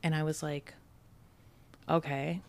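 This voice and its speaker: Gravelly-voiced woman telling her story. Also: low-pitched, level tone, takes it slowly. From Brockton, Massachusetts. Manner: casual, fillers "like" often, quotes people in her story. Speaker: podcast guest. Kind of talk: personal story in a podcast interview.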